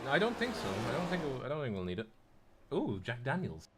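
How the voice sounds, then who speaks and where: A man's voice: mid-range voice, wildly swooping pitch, fast talker. A man commentating on a sim race in casual chat, rambling with playful asides.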